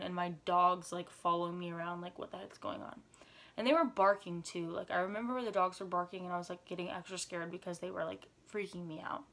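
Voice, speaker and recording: A woman's voice: mid-range voice, fairly bright tone. Chatty teen girl telling a story. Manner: chatty and dramatic, with frequent "like"; drops to whispers for tense moments. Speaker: vlogger. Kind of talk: storytime vlog.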